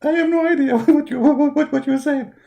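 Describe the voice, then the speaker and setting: A man doing a high, panicky whiny man. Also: vocal fry, dark tone. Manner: fast, pleading, high-strung. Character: panicky, whiny male prophet figure.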